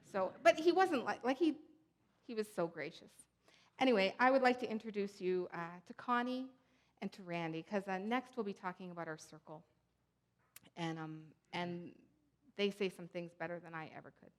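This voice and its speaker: A woman's voice: on the low side, fairly quick. A woman who directs a community centre, giving a conference talk in a chatty, digressive way full of asides.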